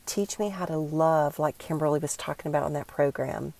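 An older woman speaking in an earnest, encouraging way, giving a devotional talk and leading listeners through a quiet prayer exercise. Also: low-pitched, a little fast, creaky. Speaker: Christian speaker.

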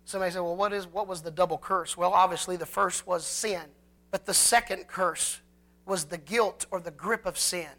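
A pastor delivers a sermon with a bright, sharp edge to the voice. Scripture is read slowly and drawn out, and the key phrases swell louder and higher with fervor. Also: fairly even intonation. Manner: slow, drawn-out scripture reading.

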